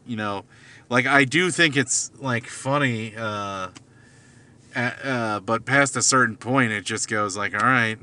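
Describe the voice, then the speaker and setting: A man's voice: lowish voice, bright, forceful tone. A man rambling casually from his car at night, hesitant, with many fillers and restarts. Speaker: vlogger.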